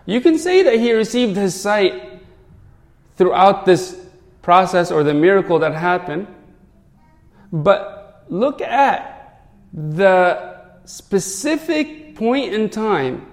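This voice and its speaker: A man's voice: high-pitched, sing-song, slow, pauses often, big-room sound. A man, a priest, giving an earnest sermon full of rhetorical questions.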